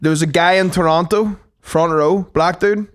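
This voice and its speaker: A Northern Irish comedian trading stories on a podcast, rambling from one anecdote to the next and swearing as he goes. His voice sits a touch higher than most men's. The talk is loose, casual and unscripted. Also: fairly even intonation, normal speed.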